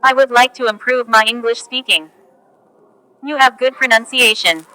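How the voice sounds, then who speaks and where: A woman reading English example phrases one at a time for learners, slow and careful. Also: on the high side, sharp tone, low-quality recording. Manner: slow, careful, each phrase spoken on its own. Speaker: English teacher.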